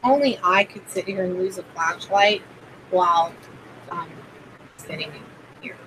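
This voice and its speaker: A woman's voice: fairly low pitch, a little slow, fairly bright tone, a little hiss or hum, poor audio. A woman hosting a casual livestream and doing card readings, rambling with plenty of fillers and greeting viewers by name. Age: adult parent.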